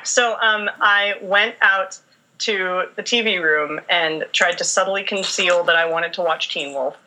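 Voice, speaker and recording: A young woman, a fan fiction writer, chatting as a guest and telling long, animated stories that she laces with laughter. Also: on the low side, measured pace, poor audio. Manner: rambling, animated storytelling with laughter. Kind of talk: casual chat.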